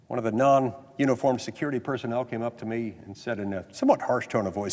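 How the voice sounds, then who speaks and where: An American senator gives a floor speech in a legislative chamber, his mid-range, darkish voice rushing along with even intonation and few pauses. He opens with a story, mimicking others in quotes, then turns earnest and insistent, all under the long reverb of a large room.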